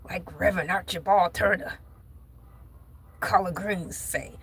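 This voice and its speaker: Slow, lively woman vlog host. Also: medium pitch, breathy edge, low-quality recording. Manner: playful, joking asides while reading news aloud. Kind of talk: casual news commentary vlog.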